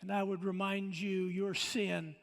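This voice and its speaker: A man's voice: high voice, flat delivery, unhurried, creaky. A man pastor preaching a sermon in a church, emphatic, with rhetorical questions and stammering restarts. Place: church sanctuary. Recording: long church reverb.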